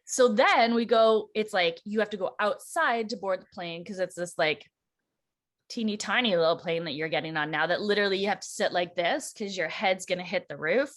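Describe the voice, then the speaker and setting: Female co-host, casual chat, animated storyteller who slips into quoted voices. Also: medium pitch, a little fast. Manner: animated, acts out quoted voices, laughs often. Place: church.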